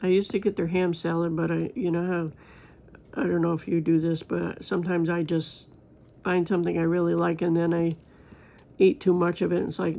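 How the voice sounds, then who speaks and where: A woman's voice: lowish voice, little pitch movement, normal speed, gravelly, dark tone. A woman crafting vlogger chatting casually and rambling to her viewers while she works on a diamond painting.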